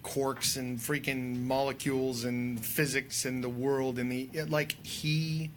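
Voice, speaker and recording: A man's voice: medium pitch, flat delivery, a little slow, slight background noise. A man, a filmmaker and drone pilot, chatting as a guest in an enthusiastic, rambling way. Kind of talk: casual podcast conversation.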